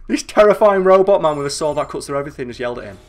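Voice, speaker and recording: A man giving excitable, sweary, joking commentary while playing a video game. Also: mid-range voice, rapid-fire. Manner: excitable, sweary, jokey asides. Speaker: gaming channel host. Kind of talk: let's play commentary.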